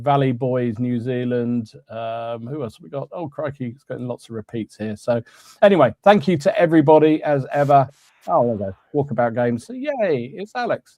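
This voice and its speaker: A man's voice: medium pitch, darkish tone, dry recording. A man hosting a live hobby podcast, chatting casually, greeting viewers by name and laughing often. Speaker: podcast host. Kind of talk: casual live-stream chat.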